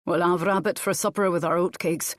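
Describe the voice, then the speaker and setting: A bold male Scottish laird, put on by a woman reading a romance audiobook, dry-humored and softly wooing. The voice sits on the lower side and the recording is dry and close. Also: fairly even intonation, fairly quick, no room sound, natural voice. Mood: confident.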